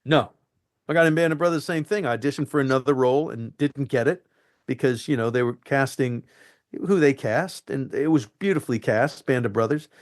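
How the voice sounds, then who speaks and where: Animated male actor telling set stories. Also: medium pitch, fairly quick. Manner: animated, acts out quotes and lines. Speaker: actor guest. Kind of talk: anecdotal interview storytelling.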